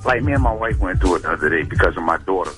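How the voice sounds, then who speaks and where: Man caller, flustered, rushed, deep voice, sharp tone. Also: expressive, soft background music.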